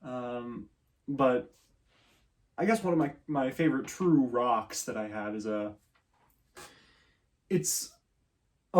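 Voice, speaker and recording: A young man talks through an interview at an ordinary middle pitch, stopping and restarting with plenty of fillers. He laughs easily and keeps a casual tone. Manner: hesitant, many fillers and restarts, laughs often. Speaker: guest, student performer.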